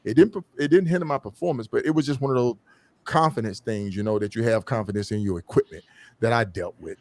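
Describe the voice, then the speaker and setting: A man's voice: on the low side, fast talker, darkish tone, no echo. A man, an endurance motorcycle rider, talking earnestly in a casual podcast conversation and repeating phrases for emphasis.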